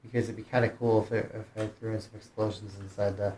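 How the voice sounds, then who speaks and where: Low-voiced man streaming a game. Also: level tone, fast, darkish tone, reverberant, a little hiss or hum. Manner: thinking aloud, hesitant with restarts. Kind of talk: casual gameplay commentary.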